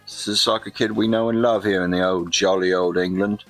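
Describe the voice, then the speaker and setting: A man's voice: fairly low pitch, animated, takes it slowly, fairly bright tone, soft background music. A man putting on an overdone mock English accent as a jolly old English bloke, tagging "innit" onto his lines while commenting on a game. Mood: chirpy. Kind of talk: gaming commentary in a put-on voice.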